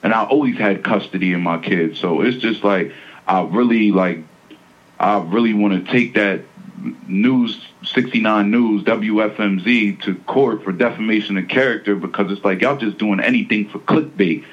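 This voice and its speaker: On a muffled phone-line recording, a man with a lowish voice speaks at a moderate pace. He's a defendant being interviewed, talking casually and emphatically, using slang and repeating himself a lot.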